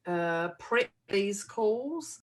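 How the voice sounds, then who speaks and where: A woman's voice: mid-range voice, lively intonation, very slow, faint music behind. A woman co-hosting a podcast in casual chat, playful and laughing often, with a snorting laugh. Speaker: podcast co-host.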